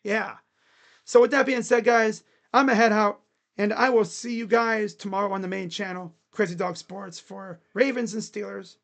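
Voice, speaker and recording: Hoarse male fan host, raised gravelly voice, rowdy and excited, recapping a game. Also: high voice, moderate pace. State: hoarse, voice nearly gone. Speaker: sports fan channel host. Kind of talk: casual sports recap vlog.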